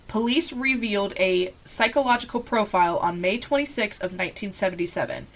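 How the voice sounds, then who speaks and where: A woman hosting a true-crime podcast. She reads old letters aloud in a steady, deliberate voice and laughs off her own slips. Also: on the high side, poor audio. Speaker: podcast host.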